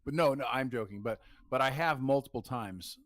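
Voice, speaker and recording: A man's voice: mid-range voice, over a noisy crowd. A man co-hosting a casual podcast livestream, trading jokes and banter. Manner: joking banter, quick laughs. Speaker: podcast co-host.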